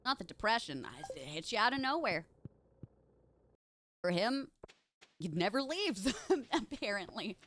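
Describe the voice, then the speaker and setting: A woman's voice: medium pitch, sing-song, measured pace, pauses often, fairly bright tone, a little hiss or hum. A young woman streaming a video game live, chatting casually in a playful, teasing way. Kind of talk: casual live gameplay chat.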